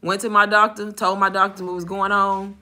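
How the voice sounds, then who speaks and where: A woman with a mid-range, level, sharp-toned voice talks fairly quickly as she casually recounts her call center job. Frank and exasperated, she acts out the conversations, swearing and using casual slang.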